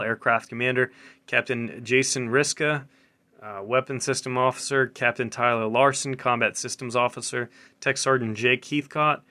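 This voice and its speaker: A man with a bright, forceful voice and a middle pitch hosts a casual military news show. He reads news and jokes aloud in a chatty, offhand way. He stumbles, restarts and laughs through his reading.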